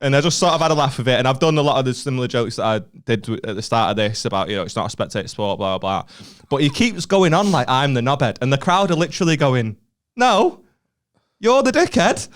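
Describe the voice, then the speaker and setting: A man's voice: mid-range voice, fast, few pauses, clean tone. A young northern English man, a comedian co-hosting a podcast, tells a story in casual chat, laughing often and acting out what people said. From northern England. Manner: animated, laughs often, acts out quotes.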